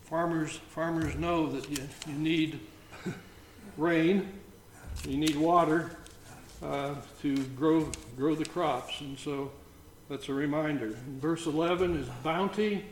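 A man leading an informal Bible study, reading scripture aloud between halting comments. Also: a little high. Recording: roomy echo, faint background noise.

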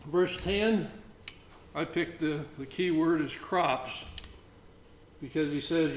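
A man leading an informal Bible study, reading scripture aloud between halting comments. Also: a little high. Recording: roomy echo, faint background noise.

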